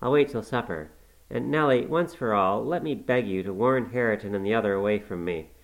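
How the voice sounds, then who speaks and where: Brooding, curt middle-aged master, low and terse, storybook, with a man reading him. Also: a little fast, vocal fry, low-quality recording. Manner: terse, dismissive.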